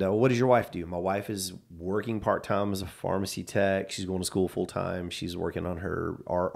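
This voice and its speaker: Man, low voice, casual storyteller who acts out quoted dialogue. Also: vocal fry, darkish tone.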